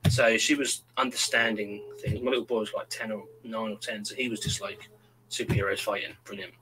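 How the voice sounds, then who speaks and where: Man, thirties, bright forceful voice, animated storyteller, casual chat. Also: lowish voice, fairly quick, a little hiss or hum, rough recording. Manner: animated storyteller, acts out quotes.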